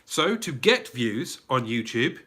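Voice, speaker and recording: A livestream host from England with a southern English accent runs a casual live Q&A, chatting, reading viewer comments aloud and restarting his sentences with many fillers. His mid-range voice is sing-song, bright and forceful, and he takes it slowly.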